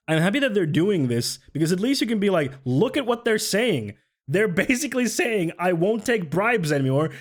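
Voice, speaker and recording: A young man streaming casual political commentary, sarcastic and sweary, laughing often and reading chat aloud. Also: fairly high pitch.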